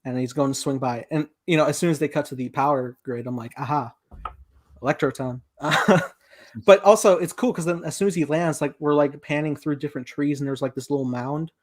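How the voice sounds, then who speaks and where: A man hosting a casual movie review chat, talking excitedly and laughing often. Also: fairly high pitch, fairly quick. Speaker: podcast host.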